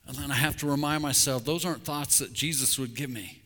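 A middle-aged man, a pastor, preaching a sermon with candid, intense confessional asides, dropping to a hush on key words. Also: medium pitch, steady tone, quick pace, hardly any pauses. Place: church sanctuary. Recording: long hall reverb.

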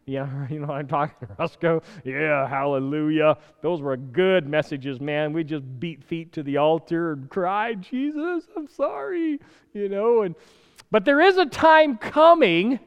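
Male preacher, lively sermon delivery, loud bursts and soft asides, smooth voice, hall echo. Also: on the high side, measured pace, muffled recording. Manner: animated, swinging between loud urgent bursts and quiet asides, chuckling.

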